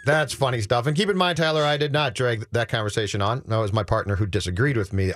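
A man's voice: medium pitch, fast talker, a bit bright, a little hiss or hum. A man co-hosting a sports radio show, giving firm opinions and repeating his point for emphasis. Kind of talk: casual sports radio banter.

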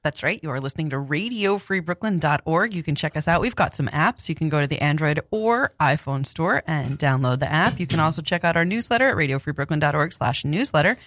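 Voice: medium pitch, lively intonation, brisk, hardly any pauses, fairly bright tone, no echo. A co-host of a community radio show reading station announcements and teasing the others. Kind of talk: casual radio banter.

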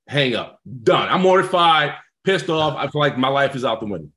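A man, a former football player and guest, telling a story in a casual, animated way, swearing freely. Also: a little high, a little fast, few pauses.

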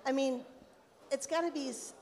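Woman, live podcast host, high voice, enthusiastic, long hall reverb. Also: normal speed, darkish tone. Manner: enthusiastic, gushing, Southern "y'all". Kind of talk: casual live podcast chat. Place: live event hall with audience.

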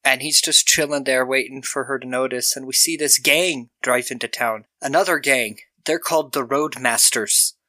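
Bright-voiced man recapping a movie. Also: mid-range voice, fairly even intonation, moderate pace, few pauses, dry recording. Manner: laughs often, acts out lines from the film. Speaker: podcast co-host. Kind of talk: casual movie recap chat.

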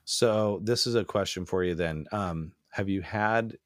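A man's voice: low voice, a little slow, dry recording, clean studio sound. A young man in casual chat, telling rambling, jokey stories with a sarcastic streak.

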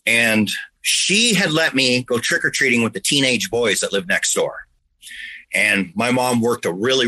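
Guy telling his own story kinda rambly, husky sharp voice. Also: mid-range voice, poor audio. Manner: rambling, earnest, with sound effects. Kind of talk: personal storytelling.

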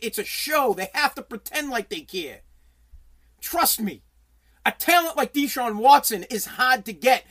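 With a mid-range, slightly bright voice, a sports talk host reads viewer comments and fires off heated, blunt commentary packed with swearing. He restarts his sentences again and again.

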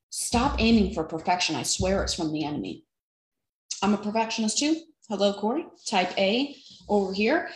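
A woman's voice: on the high side, big pitch swings, normal speed, echoey room, low-quality recording. A woman fitness trainer giving an earnest, encouraging faith-based talk to camera, with self-deprecating asides.

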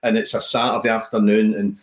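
A Scottish man, a comedian and guest, chatting casually and telling animated stories with many restarts. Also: lowish voice, a little fast. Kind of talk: casual chat. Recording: roomy echo.

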